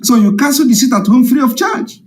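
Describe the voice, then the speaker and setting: In a very high, brisk voice, a male activist livestreams from home, addressing his followers in a heated, mocking monologue. His manner is combative and repetitive.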